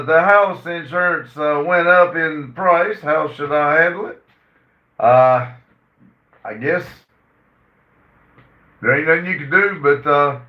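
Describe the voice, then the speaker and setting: A man hosting a casual livestream, reading viewer comments aloud and answering them with many "uh" fillers. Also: fairly high pitch. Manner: reads chat messages aloud and answers them; halting, frequent "uh" fillers. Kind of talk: casual chat. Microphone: phone. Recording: roomy, distant and dull phone audio.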